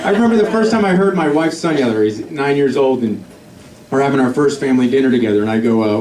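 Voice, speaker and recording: A man's voice: medium pitch, expressive, quick pace, darkish tone, far from the mic, a little hiss or hum. A middle-aged man doing a stand-up comedy set, telling a family story and acting out the voices of the people in it. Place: comedy club stage before a laughing audience. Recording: roomy live club recording with crowd laughter.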